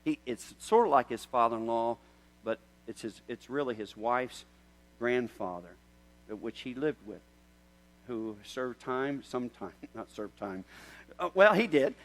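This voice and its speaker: A man preaching a sermon. He tells a story in a conversational way, then builds to loud, emphatic questions. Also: medium pitch, animated, unhurried, rough recording. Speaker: pastor.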